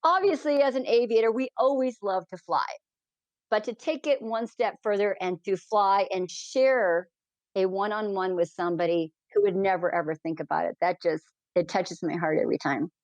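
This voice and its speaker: A woman balloon pilot telling heartfelt stories as a guest in an interview, animated and quick in bursts. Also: mid-range voice, no room sound. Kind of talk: emotional storytelling in a podcast interview.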